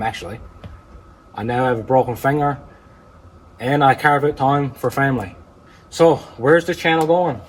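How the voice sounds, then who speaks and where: A plain-spoken man with a Newfoundland accent, chatting easily about his car projects in a vlog. His dry humour comes through in a voice of ordinary pitch, with faint ambient and vehicle noise behind him. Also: poor audio. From Newfoundland, Canada. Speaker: car-flipping YouTuber. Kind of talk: casual vlog talk.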